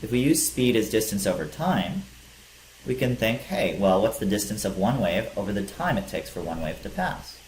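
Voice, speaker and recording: Low-voiced man lecturing in an echoey room. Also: very animated, normal speed, darkish tone. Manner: explains step by step with fillers. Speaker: teacher. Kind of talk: physics lecture. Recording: echoey room with faint hiss.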